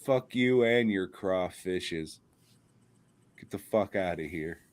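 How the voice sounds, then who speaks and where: A man co-hosting a comedy podcast, swearing through mock rants. His voice sits low and he takes his time. The banter stays loose and jokey. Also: slow pace, no room sound. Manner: profane, mock-ranting. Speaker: podcast co-host.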